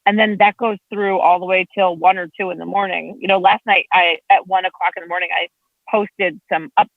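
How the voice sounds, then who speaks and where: Talking fairly fast in a creaky voice, this woman state legislator chats casually as a guest, telling animated stories with big pitch swings. It's a dry recording over a tinny, phone-like line.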